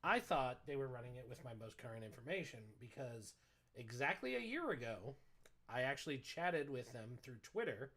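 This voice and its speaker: A podcast co-host, a man with a mid-range voice speaking at normal speed, tells a story as a casual, animated rant. He sounds exasperated and swears a lot.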